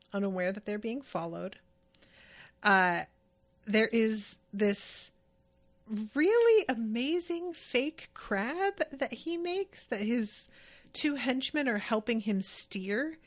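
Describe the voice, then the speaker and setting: Woman podcast host, unhurried delivery with a gravelly edge, chatty and amused. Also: mid-range voice, fairly bright tone. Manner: chatty, amused, retells scenes with quoted lines. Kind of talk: casual episode recap.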